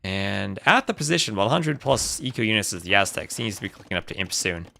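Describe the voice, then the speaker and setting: A man with a low, gravelly, bright voice casts a strategy game tournament live, his pitch bouncing around a lot as he talks. He is chatty and thanks viewers between plays. Faint noise sits under the recording. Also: animated, fast. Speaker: tournament host and caster. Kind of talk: live-streamed esports commentary.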